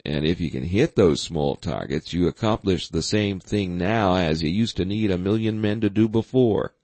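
A man doing a blunt, forceful navy admiral. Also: low-pitched, moderate pace, no room sound. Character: tough blunt male navy admiral, middle-aged.

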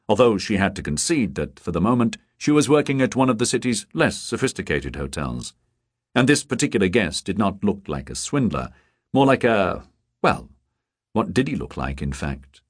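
A man narrating a novel as an audiobook, measured and expressive. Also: lowish voice, dry recording, clean studio sound. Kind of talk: scripted narration.

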